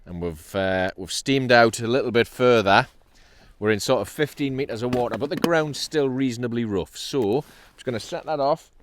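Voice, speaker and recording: A man's voice: medium pitch, moderate pace, slight background noise. Geordie guy out on his kayak, chatty and cheery, talking through his fishing. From North East England. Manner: cheerful, chatty, breaks into laughs and exclamations. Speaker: kayak angler and channel host. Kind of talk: casual outdoor fishing commentary. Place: on a kayak at sea, outdoors.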